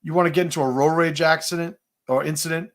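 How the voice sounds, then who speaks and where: New guy on a livestream, kinda high voice, swears a lot, rambles thru stories. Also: steady tone, fast talker. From New York City. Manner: profane, storytelling, many fillers and restarts. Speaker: livestream host. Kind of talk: casual livestream talk, reading chat comments.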